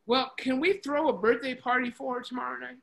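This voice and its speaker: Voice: sits high, steady tone, brisk, gravelly, bright, forceful tone, heavily acted. A storyteller doing an earnest, stumbling preacher. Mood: eager. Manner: earnest, stumbling, repeats words. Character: kindly traveling preacher, middle-aged man.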